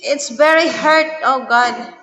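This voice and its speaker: High-voiced woman chatting with a sore mouth. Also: slow, bright, forceful tone, reverberant, in a large hall, faint music behind, poor audio. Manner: laughs often, speaks broken English with Tagalog fillers. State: sore gums. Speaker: livestream host. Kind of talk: casual livestream chat.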